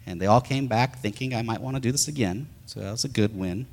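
A man, a pastor, telling a story in a sermon as an animated storyteller who acts out the sounds. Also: mid-range voice, fast talker, creaky, in a large hall.

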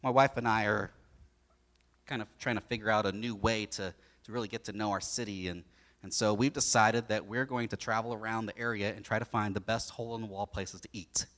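A man preaching a sermon as pastor, animated and acting out the story as he goes. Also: on the low side, a little fast. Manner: animated, acts out the story in voices.

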